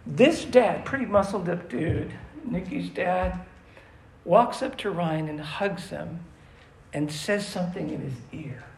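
A pastor preaching in a relaxed, storytelling way, his slightly high voice rough with gravel. He sounds like he is in an echoey room with a faint background hum. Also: slow pace. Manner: conversational storytelling, earnest prayer. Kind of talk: sermon.

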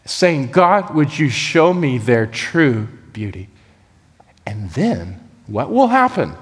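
A man preaching a sermon, animated and acting out the voices he quotes. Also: a little high, breathy edge, big-room sound. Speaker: pastor.

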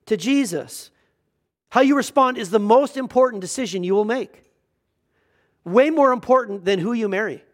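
Man, middle-aged pastor, sermon, high voice, conversational, earnest, humorous asides, restarts.

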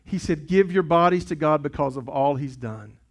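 A man's voice: on the high side, normal speed. A man preaching a sermon as pastor, impassioned and urgent, often repeating himself for emphasis. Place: church sanctuary.

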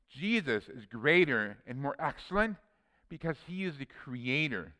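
A man's voice: medium pitch, very animated, a little slow, pushed and bright, in a large hall. A man preaching a sermon, earnestly reading scripture verses aloud with personal asides.

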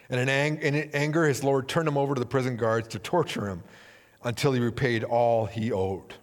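A man preaching a sermon, telling a parable with animated storytelling and acting out the characters' voices. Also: a little fast, long reverb tail. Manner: animated storytelling, acting out characters with big swings in pitch and volume. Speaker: pastor.

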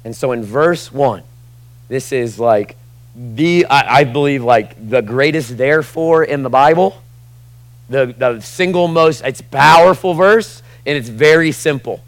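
A young adult man preaching a sermon in a conversational way, dropping to quiet asides and rising to loud, emphatic bursts. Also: medium pitch, unhurried, no echo, low-quality recording. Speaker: pastor.

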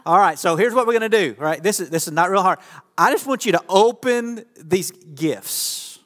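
A pastor with a high, slightly bright voice and lively intonation speaks at a moderate pace. He delivers an interactive sermon from a church stage, chatting casually and joking playfully with volunteers and the audience. The long reverb of the church hall fills the recording.

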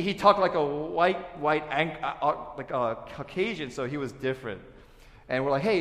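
Pastor preaching in an echoey hall. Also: male voice, medium pitch. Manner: storytelling, lively asides and acted-out quotes. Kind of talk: sermon.

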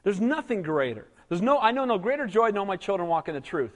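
Man, pastor, high-pitched voice, animated conversational sermon, long hall reverb. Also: fast. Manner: animated, conversational preaching with frequent "Amen?" calls.

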